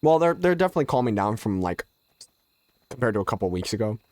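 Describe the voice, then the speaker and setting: A man's voice: fairly low pitch, very animated, quick pace, no room sound. Nasal, stuffy man streaming a game. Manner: chatty, loose and joking, muttering asides. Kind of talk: casual live-stream chat, answering viewers.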